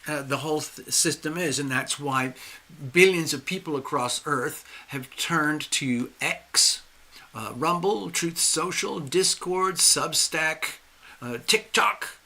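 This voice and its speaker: A man hosting a live astrology stream, speaking emphatically with drawn-out stresses and restarts while losing his voice. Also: fairly high pitch, pushed and bright. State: losing his voice, clearing his throat. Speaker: astrology and tarot livestream host.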